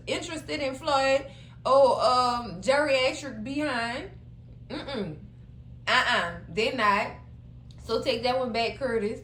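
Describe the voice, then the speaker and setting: A woman recapping a TV episode in a sassy, animated way, addressing her viewers as cousins. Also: a little high, reverberant, a little hiss or hum, poor audio. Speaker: show recap host. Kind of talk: casual recap commentary.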